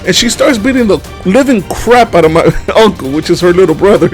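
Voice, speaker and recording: A man from the Dominican Republic telling a comedic childhood story, animated and laughing often with casual fillers. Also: high-pitched, brisk, soft background music.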